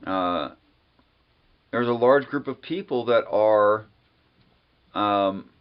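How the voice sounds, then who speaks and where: A man hosting a solo livestream on religion, talking casually and unhurriedly with many pauses and fillers, sometimes wry. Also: on the low side, clean tone, muffled recording. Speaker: livestream host.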